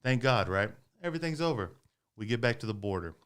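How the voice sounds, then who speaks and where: A man casually telling a long, profane story on a podcast, animated and swearing often. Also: mid-range voice, fast, smooth.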